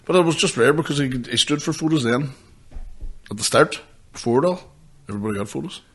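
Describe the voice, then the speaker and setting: A man co-hosting a podcast, swearing freely as he tells animated stories in casual chat. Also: medium pitch, fast talker, breathy edge. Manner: animated storyteller, swears freely, laughs often. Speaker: podcast co-host.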